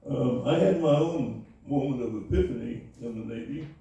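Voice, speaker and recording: An older man recalling his Navy years in an oral history interview, speaking haltingly with many fillers and restarts. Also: medium pitch, mellow. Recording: echoey room, voice from far off.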